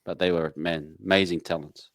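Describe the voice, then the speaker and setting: A man's voice: low voice, normal speed, dry recording. A man hosting a casual chat show, easygoing, with many agreeing fillers. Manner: easygoing, lively intonation, frequent agreeing fillers. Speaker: host.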